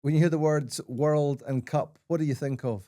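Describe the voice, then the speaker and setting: A man's voice: on the high side, steady tone, normal speed, warm tone. A man hosting a casual podcast, cracking dry jokes and steering the questions. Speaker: podcast host. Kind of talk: casual interview chat.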